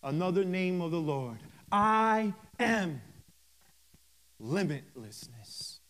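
A man with a notably high voice delivers a sermon at an unhurried, drawn-out pace. He reads scripture verse by verse, leaning on emphatic pauses and breaking in with fervent hallelujahs. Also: animated. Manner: fervent, interjects hallelujah and praise God. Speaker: minister.

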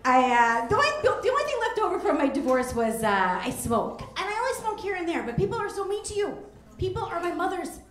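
A woman's voice: extremely high pitch, very animated, brisk, fairly bright tone. A woman in her forties doing a brash, rambling stand-up set, jumping into squealing voices, on a comedy club stage with a handheld mic. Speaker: stand-up comic. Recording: echoey club room with audience laughter.

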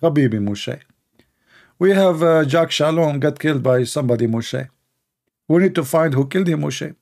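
A man's voice: a little high, expressive, normal speed, creaky, a little mellow. A man voicing a group of men who plead with their leader for help, repeating his name. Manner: wheedling and repetitive.

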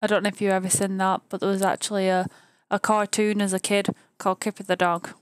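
A woman with a Northern English accent chatting casually and excitedly as co-host of a live stream. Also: medium pitch, fast talker, smooth, dry recording. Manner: chatty and talkative, easily excited.

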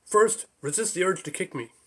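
A man's voice: high voice, normal speed, fairly bright tone, breathy edge, pitched above the performer's own voice. A man voicing a nervous, overly formal young army corporal in an audiobook, tense and stiffly polite.

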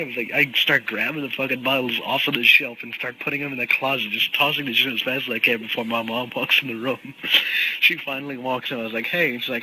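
A man's voice: mid-range voice, fairly even intonation, fairly quick, sharp tone, rough recording. A young man casually telling a rambling story to a friend, laughing often and swearing. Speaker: podcast co-host. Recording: faint background noise.

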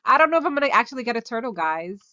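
A woman hosting her own gaming video, commenting excitedly and gushing over cute things as she plays. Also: on the high side, racing, dry recording, muffled recording. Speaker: gaming channel host.

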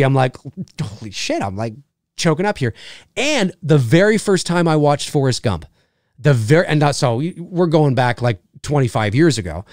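Rambling livestream host, man, forties, slightly high-pitched, close dry mic, casual cursing. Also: darkish tone, no room sound. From Canada. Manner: rambling, swears casually, repeats himself. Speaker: live show host reading chat.

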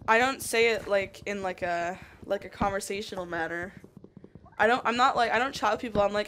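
A woman's voice: medium pitch, brisk. A woman from Canada chatting casually while livestreaming a game, rambling and saying "like" a lot. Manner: rambling, chatty, heavy use of "like". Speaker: livestreamer playing a modded block game. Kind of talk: casual chat while gaming. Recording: noisy home stream with mouse clicks.

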